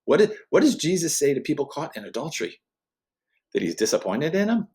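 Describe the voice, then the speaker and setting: A man's voice: a little high, big pitch swings, a little mellow. A man, a guest speaker, giving a conversational faith teaching in an earnest, emphatic way, often restarting his sentences. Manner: earnest and emphatic, with frequent restarts and quick laughs.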